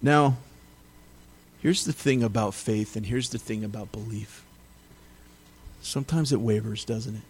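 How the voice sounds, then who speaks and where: A man's voice: fairly low pitch, measured pace, pauses often, breathy edge. A man preaching a sermon, reading scripture and retelling it in a conversational, emphatic way. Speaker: pastor.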